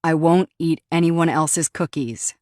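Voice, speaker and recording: A woman's voice: sits low, steady tone, measured pace, darkish tone, dry recording, studio quality. A woman reading a teasing young lover. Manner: teasing, playful.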